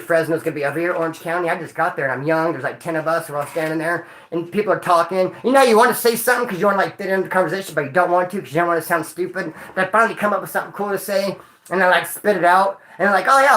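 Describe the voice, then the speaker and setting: Brief: bright-voiced man spinning slangy, cussing stories, roomy echo. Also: sits high, racing. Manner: animated, slangy and profane, acting out quotes. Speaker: storyteller recounting prison life. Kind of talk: casual storytelling monologue.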